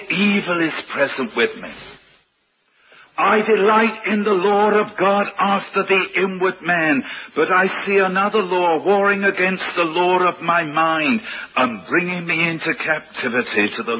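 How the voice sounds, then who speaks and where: A man's voice: high voice, lo-fi sound, slight background noise. A man from preaching a sermon, asking rhetorical questions and rising to emphatic peaks. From London.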